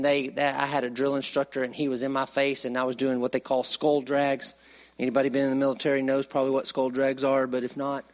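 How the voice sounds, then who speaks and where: A man preaching a sermon, swinging from raised emphasis to hushed, slow lines. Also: mid-range voice. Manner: animated, with sudden rises and hushed drops.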